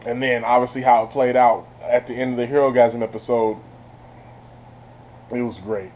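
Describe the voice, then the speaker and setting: A man giving a casual spoiler review of a TV series. He laughs often, talks in slang and sounds animated. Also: medium pitch, normal speed, slight background noise. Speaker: TV show reviewer.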